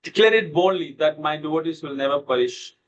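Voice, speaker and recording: Over a video call, a man teaches a devotional Bhagavad Gita class, telling a story loosely and filling it with lots of "you know." His voice is on the high side and fairly quick, and the sound is lo-fi.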